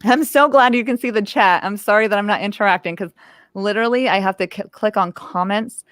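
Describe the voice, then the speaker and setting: A woman in her thirties from Northern California hosting a live-stream trivia game, playful and quick to break into silly squeaky voices. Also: fairly bright tone, no echo, clean studio sound. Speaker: host.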